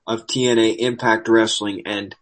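A man's voice: on the low side, little pitch movement, normal speed, fairly bright tone, low-quality recording. A man hosting a podcast, reading wrestling news with sarcastic asides, losing his voice. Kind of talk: casual news commentary.

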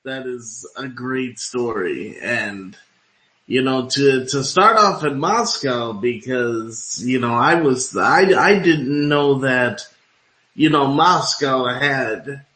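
A male interview host rambles in a radio-style interview, padding his questions with fillers. His voice is mid-range and a bit bright, recorded in a roomy, echoing space.

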